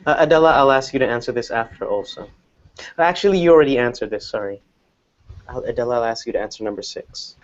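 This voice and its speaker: A man teaching an online English class, explaining patiently and slowly with examples. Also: medium pitch, lively intonation, highs cut off.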